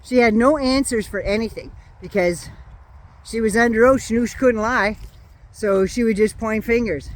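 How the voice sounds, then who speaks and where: A woman's voice: fairly high pitch, moderate pace, a little hiss or hum. An older woman with a runny nose from a cold, ranting bluntly and sarcastically about politics and swearing freely. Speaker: vlogger. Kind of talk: casual political rant.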